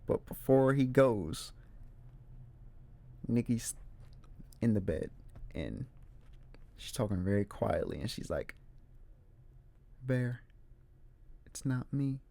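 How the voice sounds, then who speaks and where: A man's voice: on the low side, slow pace, vocal fry, pauses often. Young man chatting about a movie. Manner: animated retelling, acts out character quotes. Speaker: movie reviewer host. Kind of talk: casual film discussion.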